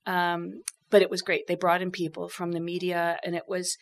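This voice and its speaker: A woman guest on a radio talk show, telling stories in a lively, chatty way. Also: lowish voice, normal speed. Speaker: guest, bourbon expert. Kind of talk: casual radio chat.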